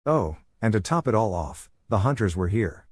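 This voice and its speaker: Low-voiced man reading fan fiction. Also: very animated, normal speed, husky, dry recording, clean studio sound. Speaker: fanfiction reader.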